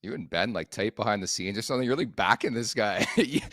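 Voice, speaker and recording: A Canadian man co-hosting a hockey podcast in a loose, profane, joking way. His voice sits low. The sound is dry and close, with no room around it. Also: expressive, fast talker, a bit bright, no echo. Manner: profane, blunt, laughing asides. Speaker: podcast host. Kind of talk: casual sports chat.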